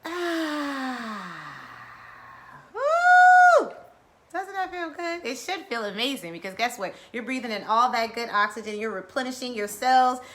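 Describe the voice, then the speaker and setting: A middle-aged woman hosting a wellness video, leading guided breathing and chatting in a lively, playful way. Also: on the high side, normal speed, noisy background. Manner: lively, playful, drawls and chuckles. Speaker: wellness vlogger. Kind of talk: guided breathing and casual chat.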